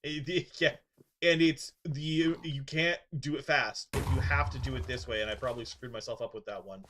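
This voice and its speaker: Chatty male gamer, mid-pitched voice. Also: steady tone, moderate pace, background noise. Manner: laughs often, scolds game creatures, mutters asides under his breath. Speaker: gaming streamer. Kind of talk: casual gameplay commentary, reading chat.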